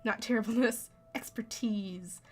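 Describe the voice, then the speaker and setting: A woman's voice: on the high side, a little slow, natural voice. A woman reading a dry-witted lawyer. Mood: wry.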